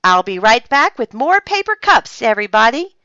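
A woman's voice: very animated, moderate pace, fairly bright tone, no room sound. A woman voicing a proud young girl calling out to sell lemonade. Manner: shrill, hawking, proud. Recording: dull dry lo-fi sound.

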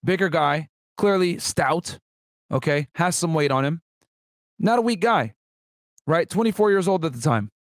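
Ex-fed guy reacting, swears a lot, kinda high voice, dry sound. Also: lively intonation, moderate pace, dry recording. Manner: loose, profane, joking. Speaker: former federal agent and reaction host. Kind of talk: casual reaction commentary.

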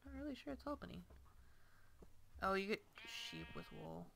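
A woman's voice: high-pitched, expressive, moderate pace, gravelly, noisy background. A woman hosting a casual gameplay video, chattily coaxing and playfully scolding the animals in her game. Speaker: let's play host.

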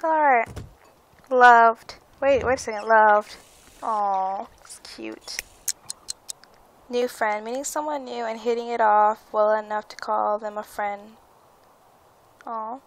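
A woman's voice: fairly high pitch, fairly even intonation, slow pace. A woman hosting a let's play, chatting casually about her game, giggly and often tripping over her words. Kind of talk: casual gameplay commentary.

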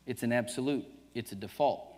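A man's voice: medium pitch, brisk, darkish tone. A man with a Southern US accent preaching a sermon to his congregation, emphatic and joking with them, chuckling often. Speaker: pastor. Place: church sanctuary. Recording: church livestream, long reverb.

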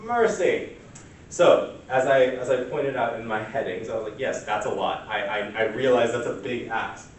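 Male workshop presenter, candid conversational delivery, mid-pitched, heard from a distance in a very echoey room with a faint hiss. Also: fairly even intonation, normal speed, hardly any pauses. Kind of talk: conversational church workshop talk. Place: church meeting room.

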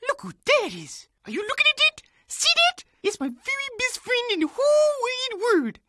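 A squeaky, giddy cartoon cat. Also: female voice, wildly swooping pitch, bright, forceful tone, slight background noise, full character voice. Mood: excited. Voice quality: squeaky, with playful broken grammar. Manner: bubbly, sing-song, repeats her own names in rapid chants. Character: chatty, cheerful cartoon cat, silly and excitable. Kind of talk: cartoon voice acting.

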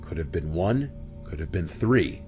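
A deep, steady male voice narrates creepy first-person stories with calm, measured storytelling. Background music plays beneath his narration.

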